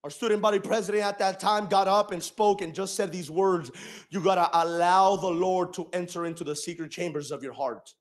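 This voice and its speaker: A young man preaching a sermon and telling his own story, moving from quiet reflection to shouted emphasis. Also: high-pitched, fairly even intonation, a little fast. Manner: testimony-style preaching, swinging from soft reflection to shouted emphasis.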